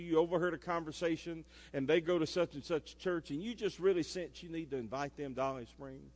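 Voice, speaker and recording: A male pastor, preaching a sermon and swinging between loud emphasis and soft asides. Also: a little high. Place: church sanctuary. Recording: echoey church hall.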